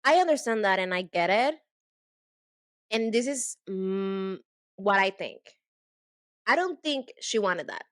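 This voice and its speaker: An excitable woman co-hosting a chatty book podcast, her voice sitting at an ordinary middle pitch. She gushes freely as she talks. The recording is close and dry, with no room around her. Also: slow, pauses often, dry recording. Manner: gushing, excitable. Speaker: podcast co-host. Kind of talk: casual book-club chat.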